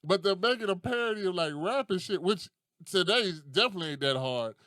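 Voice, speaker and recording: A young adult man hosting a casual podcast, telling stories in a profane, animated way and laughing often. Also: high voice, a little fast, dry recording, studio quality. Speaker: podcast host.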